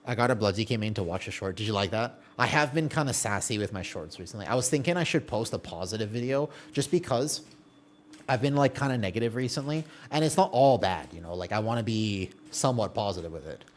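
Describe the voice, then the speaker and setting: While playing a game on stream, this man keeps up chatty, relaxed talk with his audience, responding to their chat messages, laughing often and letting sentences trail off. His fairly low voice moves at a quick pace over slight background noise.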